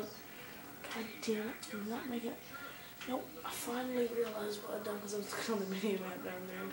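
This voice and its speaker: A young woman giving casual gameplay commentary, excitable and quick to swear and yell at the game. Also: mid-range voice. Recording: echoey room, far from the mic, music behind.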